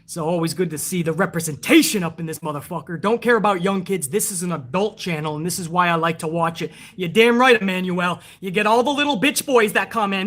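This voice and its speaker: A man's voice: high voice, fairly quick, hardly any pauses, a bit bright. A man hosting a wrestling review livestream, ranting with lots of profanity and reading out chat messages. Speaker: host of a wrestling review stream. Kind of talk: casual livestream commentary.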